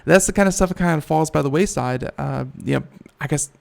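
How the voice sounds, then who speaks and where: Male tech talk host, gravelly and clear, rambling casual delivery. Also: a little high, quick pace, darkish tone. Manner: rambling, with many fillers and restarts. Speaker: radio talk show host. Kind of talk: casual chat.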